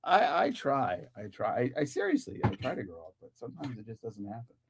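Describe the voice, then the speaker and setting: Giggly, animated male podcast host. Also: mid-range voice, brisk, gravelly, crowd noise. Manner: animated, giggly, reads chat comments aloud. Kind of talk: casual live-stream chat.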